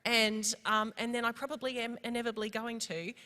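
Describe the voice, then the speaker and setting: A woman's voice: on the high side, little pitch movement, a little fast, pushed and bright. A woman, speaking candidly and reflectively as a panelist. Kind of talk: panel discussion. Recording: echoey hall.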